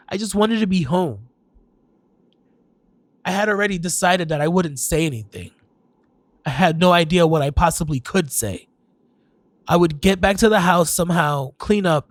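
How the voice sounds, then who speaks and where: Slow, high-voiced male horror narrator. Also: dry recording. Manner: hesitant, with sighs and restarts. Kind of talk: first-person horror storytelling.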